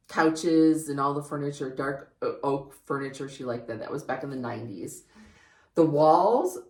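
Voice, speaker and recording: A woman's voice: sits low, a little mellow. An older woman from Michigan, chatting casually about her home decor and telling family stories, laughing now and then as she talks. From Michigan, USA. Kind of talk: casual storytelling while showing a room. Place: guest room in her home. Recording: echoey room.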